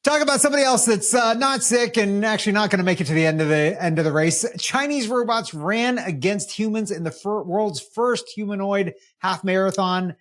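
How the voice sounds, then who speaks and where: A podcast host in a mid-range voice chats about tech news in a loose, joking way. They go off on exasperated, animated riffs about the stories they cover. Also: medium pitch, brisk, hardly any pauses. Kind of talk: casual tech news chat.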